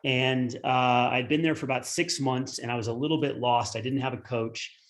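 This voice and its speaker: A man's voice: mid-range voice, fairly even intonation, normal speed, a bit bright. Man in his forties telling a rambling story. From United States. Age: 40s. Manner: earnest, rambling storyteller with many fillers. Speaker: tennis coach and former pro. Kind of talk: webinar storytelling.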